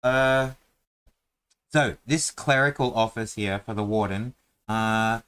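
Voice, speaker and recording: A man in casual chat, planning a dungeon for a tabletop game, counting aloud and briskly correcting his partner. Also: lowish voice, fairly bright tone. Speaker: co-host designing a dungeon.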